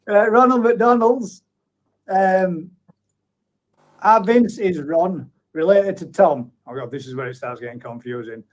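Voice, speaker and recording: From a streaming setup at his computer, a man hosts a live stream in a high voice at a measured pace. He chats in a friendly, matey way, chuckling often as he reads viewer comments aloud.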